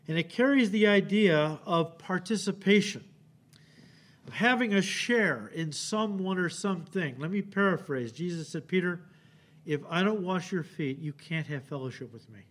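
A male pastor preaching an expository sermon in a church, animated and acting out the quotes he reads, often checking in with "okay?". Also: a little high, unhurried. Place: church sanctuary.

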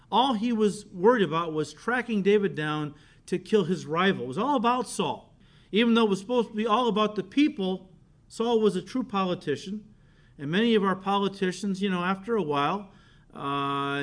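This man's voice is high as he preaches an expository sermon in a conversational style. Addressing the crowd as "guys," he performs the lines he quotes with mounting emphasis.

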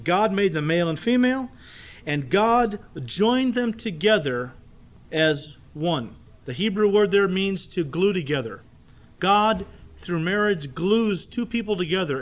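A man with a fairly high voice preaches a sermon with emphatic delivery. He slows to press home key phrases and keeps turning to his listeners with quick rhetorical checks. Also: muffled recording. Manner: speaks directly to the congregation with rhetorical checks. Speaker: pastor.

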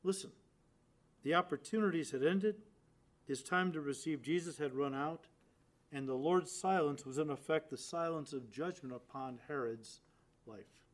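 A man preaching a sermon, stressing phrases loudly and dropping to quiet, low endings, turning to the listeners and acting out quoted lines. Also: moderate pace. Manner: addresses listeners directly, acts out quoted lines.

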